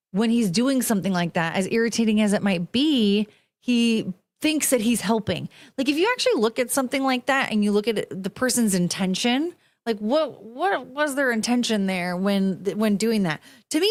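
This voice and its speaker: A woman hosts her own podcast, reacting to video clips with blunt, profane commentary. She slips into mocking impressions of the people she watches. Her voice sits a little high. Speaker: podcast host.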